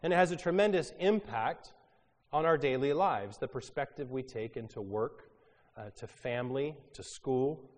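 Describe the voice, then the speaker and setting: A man preaching a sermon with a raspy, hoarse voice from a cold, talking conversationally with frequent fillers. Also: mid-range voice, moderate pace, a little mellow. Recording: long reverb of a large hall.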